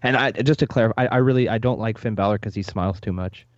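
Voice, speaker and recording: A man's voice: on the low side, quick pace, dry recording. A man co-hosting a casual podcast, blunt and opinionated. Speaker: podcast co-host. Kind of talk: casual chat. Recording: dry, muffled lo-fi mic.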